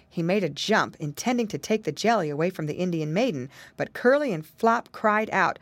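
A woman narrating a children's storybook as an audiobook, expressive and animated. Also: lowish voice, moderate pace, few pauses, no echo.

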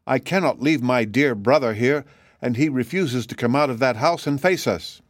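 A man's voice: medium pitch, moderate pace, no echo, studio quality, close to an everyday voice. A man voicing an anxious, devoted grown man who is searching for his lost brother. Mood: pleading. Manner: anxious, pleading.

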